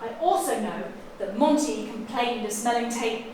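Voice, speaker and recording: A woman's voice: fairly high pitch, a little mellow, close to an everyday voice. A woman playing a theatrical lady detective. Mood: explaining. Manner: theatrical, deliberate explaining. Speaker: amateur sleuth revealing the killer. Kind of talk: live stage acting. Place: small theatre on stage. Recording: echoey theatre from far, noise.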